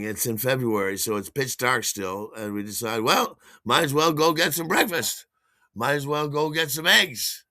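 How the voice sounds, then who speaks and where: A man's voice: fairly low pitch, sharp tone, dry recording, clean studio sound. A man hosting his own show, telling a story casually in a rambling way with frequent chuckles and repeated words. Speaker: podcast host.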